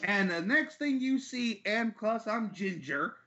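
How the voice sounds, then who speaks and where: A man's voice: high-pitched, lively intonation, unhurried, pushed and bright. Profane man telling a story. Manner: profane, laid-back anecdote teller. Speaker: podcast guest. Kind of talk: casual storytelling. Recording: slightly dull audio.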